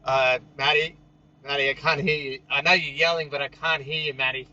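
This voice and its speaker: The speaker is a young Australian man streaming live outdoors at night, easygoing, joking and often chuckling as he reads out viewer comments. His fairly high voice has a sharp tone, little pitch movement and a fairly quick pace, on lo-fi audio.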